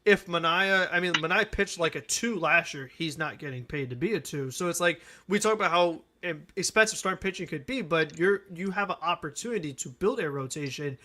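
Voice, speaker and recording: A man's voice: on the high side, lively intonation, a little fast, hardly any pauses, pushed and bright, slight background noise. A man co-hosting a sports podcast, talking earnestly and at length about his team and laughing easily. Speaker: podcast co-host. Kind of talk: casual sports talk.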